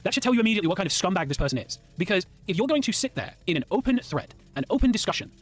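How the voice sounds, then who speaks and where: Fast-ranting English man. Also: sits high, sing-song, soft background music. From England. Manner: heated, indignant ranting with swearing. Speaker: commentary guest. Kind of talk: ranting commentary.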